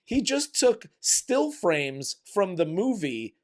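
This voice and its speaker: A man talks movies in an animated, profane way. He acts out bits of scenes. His voice sits a touch high and swings through a lively range of pitch. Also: takes it slowly. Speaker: movie review podcast co-host. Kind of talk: casual chat.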